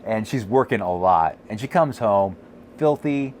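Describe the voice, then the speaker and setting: Animated laughing man chatting. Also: lowish voice, measured pace, slight background noise. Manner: animated storytelling, laughs often. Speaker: podcast co-host. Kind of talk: casual chat reading viewer comments.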